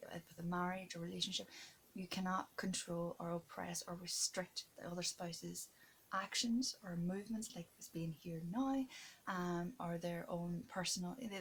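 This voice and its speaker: A woman recording an emotional video diary, earnest and stressed, close to tears, halting often with fillers and restarts and sometimes dropping to a whisper. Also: fairly low pitch, a little hiss or hum. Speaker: vlogger keeping a video diary.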